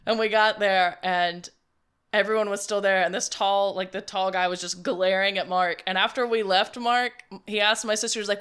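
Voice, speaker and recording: A chatty woman from the United States, talking with friends and laughing through her stories. Her voice is smooth and clear, at a middle pitch. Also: steady tone, fairly quick, fairly bright tone. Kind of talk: casual chat.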